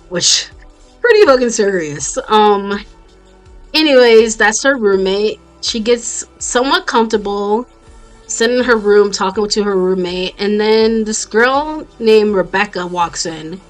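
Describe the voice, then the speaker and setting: A woman with a mid-range, slightly bright voice and an American accent recaps a TV show in a casual commentary vlog. Born to a Jamaican family and raised in the US, this YouTuber reviewing the series talks bluntly, swears freely, and wanders off on tangents.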